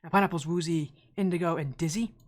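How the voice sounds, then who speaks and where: A man's voice: a little high, quick pace. A man streaming as an esports caster, chatting casually with viewers, slightly out of breath, rambling with restarts. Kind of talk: casual live-stream chat.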